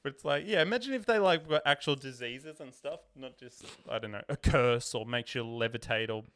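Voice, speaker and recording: A man's voice: medium pitch, a little fast, a bit bright, clear, resonant tone. A young man co-hosting a podcast, chatting casually and joking, often laughing and slipping into silly voices. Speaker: podcast co-host. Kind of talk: casual chat.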